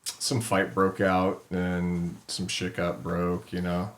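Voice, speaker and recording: A man's voice: deep voice, completely flat delivery, takes it slowly, slight background noise. A middle-aged man, a podcast guest and retired fighter, telling his story casually in a laid-back way with free swearing.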